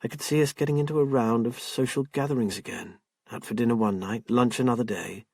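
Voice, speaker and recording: A man's voice: mid-range voice, fairly even intonation, fairly quick, vocal fry, husky, dry recording. A man voicing a stressed, overworked woman who snaps impatiently and then breaks down, in an audiobook. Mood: contrite. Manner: sharp and impatient, turning tearful. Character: tense overworked woman artist, snappish.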